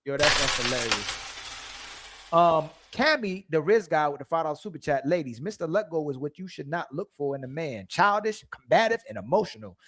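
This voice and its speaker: Livestream co-host, young man, reads super chats aloud, trips on names, higher voice. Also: animated, fairly quick, a bit bright, a little hiss or hum. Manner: reads donor messages aloud, stumbles over names. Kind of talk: casual livestream chat.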